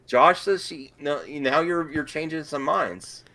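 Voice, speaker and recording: A man's voice: on the high side, a little slow, a crowd in the background. A man hosting a casual movie chat show over a call, laughing and wrapping up the episode. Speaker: show host.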